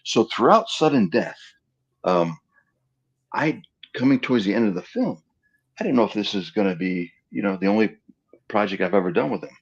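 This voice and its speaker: A middle-aged man tells behind-the-scenes stories as an interview guest, slipping into the voices of the people in them. His voice sits low with a rough, husky grain. It comes through a muffled, lo-fi remote call. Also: moderate pace, pauses often. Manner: animated storyteller who acts out quoted dialogue. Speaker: interview guest, film stand-in and double. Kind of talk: casual anecdotal storytelling. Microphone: remote live-stream call.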